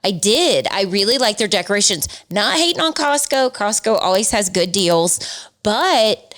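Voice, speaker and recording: A woman, co-hosting a casual podcast and telling family stories in a chatty, animated way. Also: mid-range voice, moderate pace. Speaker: podcast co-host. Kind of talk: casual chat.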